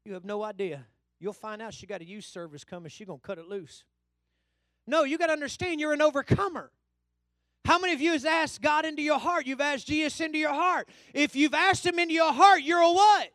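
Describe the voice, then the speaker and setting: A man preaches with a very high voice. He drops to low asides, then builds into loud call-and-response shouts at his congregation. The sound is dry and close. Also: a little fast, no echo. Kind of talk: sermon. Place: church hall.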